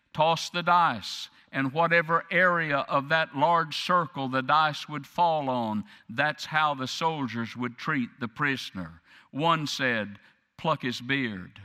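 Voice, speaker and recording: A man preaching a sermon, speaking slowly and dramatically and building to impassioned peaks. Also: on the high side, bright, forceful tone, clear, resonant tone, big-room sound. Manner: slow, dramatic preaching that swells to impassioned crescendos.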